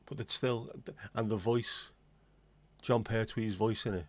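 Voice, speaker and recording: A man's voice: lowish voice, fairly even intonation, unhurried, dry recording. Blunt, rambling English man. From England. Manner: opinionated, blunt, rambling with asides. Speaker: livestream host. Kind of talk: casual chat.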